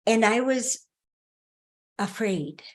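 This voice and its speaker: A woman teaching a class, telling personal stories in an expressive way, often laughing and restarting sentences. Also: on the high side, drawn-out words. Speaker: relationship teacher. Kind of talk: storytelling talk to a class.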